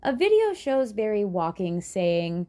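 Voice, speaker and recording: Woman host for casual true crime storytelling, chatty and sarcastic, swears freely, warm low-key tone that swings up and down a lot. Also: very animated, unhurried.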